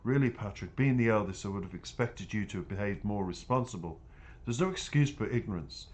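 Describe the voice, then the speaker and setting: A man's voice: lowish voice, lively intonation, brisk, a little hiss or hum, lightly acted. A man voicing Madame, a domineering middle-aged woman who scolds and reproaches. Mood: reproachful.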